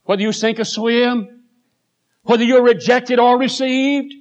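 A higher-pitched older man preaching a sermon, telling stories with drama and dropping from loud to hushed. The recording sounds dull and lo-fi. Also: fairly even intonation, unhurried. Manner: dramatic storytelling, swings between loud and hushed.

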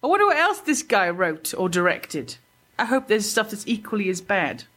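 A woman's voice: mid-range voice, big pitch swings, moderate pace, fairly bright tone. A woman co-hosting a casual comedy podcast, cutting in with sarcastic, teasing remarks. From Britain. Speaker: podcast co-host.

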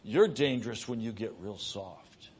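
Husky slow-spoken man preaching a sermon. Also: lowish voice, expressive. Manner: swings from raised urgent preaching to hushed soft speech.

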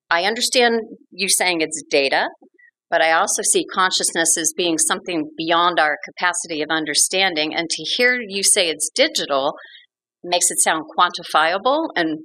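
A woman's voice: fairly low pitch, bright, forceful tone, low-quality recording. A woman from the audience asking a question, friendly and a little hesitant, with many "um"s. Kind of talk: question from the floor.

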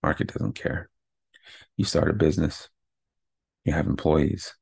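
Low gravelly man, hyped podcast talk. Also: level tone, a little slow, a little mellow, no echo. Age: adult with kids. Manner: candid, pumped-up self-talk with frequent "right?". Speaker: podcast host. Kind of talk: motivational podcast monologue.

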